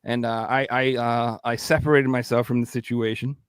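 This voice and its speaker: A man's voice: mid-range voice, normal speed, clear, resonant tone. A man hosting a casual podcast, telling stories with plenty of animation and free swearing. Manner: animated storyteller, swears freely. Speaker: podcast host.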